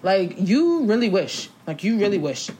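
A woman's voice: medium pitch, very animated, normal speed, warm tone, a little hiss or hum. A woman in casual chat, ranting emphatically with lots of slang, as a podcast co-host.

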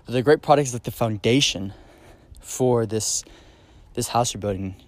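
A man's voice: medium pitch, moderate pace, dry recording. Casual rambling male podcaster. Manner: casual, rambling, many fillers and restarts; enthusiastic, emphatic on key points. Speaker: podcast host. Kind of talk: solo podcast monologue.

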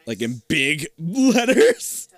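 Animated swearing man retelling a movie. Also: on the high side, drawn-out words, no echo. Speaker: podcast co-host. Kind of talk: casual chat retelling a movie plot.

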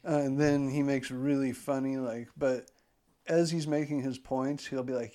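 A man's voice: medium pitch, steady tone, normal speed, mellow. A man chatting casually as a podcast co-host, rambling with lots of filler words and swearing. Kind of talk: casual chat.

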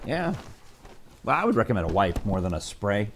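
A man's voice: fairly low pitch, sing-song, brisk, fairly bright tone, a little hiss or hum. A middle-aged man hosting a casual chat show, talking in a playful, teasing way. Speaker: host.

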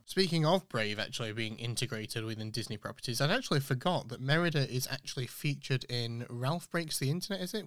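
A man from England chats enthusiastically about films on his podcast. His voice is smooth and resonant. The recording is dry and close, with no room sound. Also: mid-range voice, fairly bright tone, no echo. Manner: chatty, enthusiastic, self-correcting asides. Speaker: podcast host. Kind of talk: casual podcast commentary.

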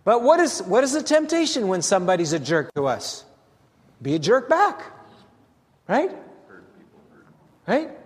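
An older man, a pastor, preaching a sermon with lively asides and questions to the congregation. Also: high-pitched, unhurried, long pauses. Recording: long hall reverb.

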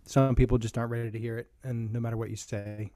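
A man hosting a sports podcast, leading the topics in a relaxed, enthusiastic way. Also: medium pitch, quick pace, dry recording. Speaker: podcast host. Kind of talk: casual podcast chat.

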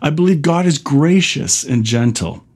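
A man preaching, reading scripture verses slowly and then explaining them with growing excitement. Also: fairly high pitch. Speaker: pastor. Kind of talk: sermon.

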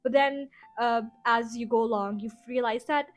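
A woman's voice: a little high, fairly even intonation, normal speed. A woman hosting a casual rambling review show, chatty and full of filler phrases. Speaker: podcast host.

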